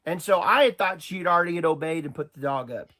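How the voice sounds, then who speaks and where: High-pitched oklahoma guy rambling through a story, keeps stumbling and repeating. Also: fast, pushed and bright. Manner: rambling, repeats himself, stumbles over words. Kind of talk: storytelling testimony.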